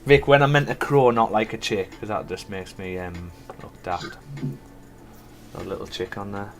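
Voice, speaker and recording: A man's voice: lowish voice, expressive, moderate pace, music in the background. A man giving casual live commentary as a forex trader, thinking aloud and chatting to viewers. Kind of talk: live trading stream commentary.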